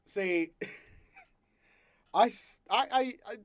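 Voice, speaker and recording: A man's voice: high voice, drawn-out words, no echo. A man hosting a casual podcast chat, giggly and self-deprecating. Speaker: podcast host.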